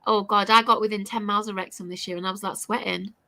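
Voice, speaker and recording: A woman's voice: medium pitch, fairly even intonation, fast talker, sharp tone, no echo. A woman hosting a casual late-night livestream, blunt and teasing, given to exclamations. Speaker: livestream host.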